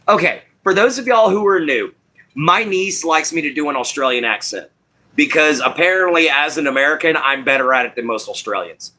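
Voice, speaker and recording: A man's voice: a little high, animated, moderate pace, sharp tone. A man with a Southeast Texas country twang hosting a casual live-stream chat, talking in a folksy, rambling way.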